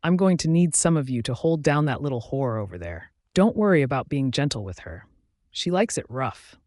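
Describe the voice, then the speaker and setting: A man's voice: medium pitch, big pitch swings, moderate pace, a little mellow, no room sound, studio quality, lightly acted. A man voicing a cruel, mocking young male villain with a sneering manner.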